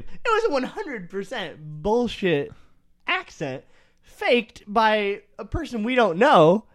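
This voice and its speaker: A man with an Iowa accent co-hosting a podcast, telling a story in a rambling, animated way with many fillers. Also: sits high, slow pace. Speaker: podcast co-host. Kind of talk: casual storytelling chat.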